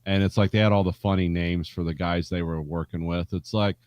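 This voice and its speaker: A young man co-hosting a podcast, chatting casually with dry jokes and quick mock voices. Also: low voice, fairly even intonation, darkish tone, no room sound. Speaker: podcast co-host. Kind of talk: casual chat.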